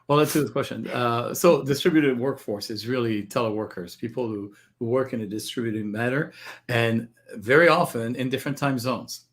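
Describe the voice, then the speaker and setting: Measured man explaining tech. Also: medium pitch. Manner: measured, explanatory, repeats words when starting. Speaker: guest technologist. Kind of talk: interview answers.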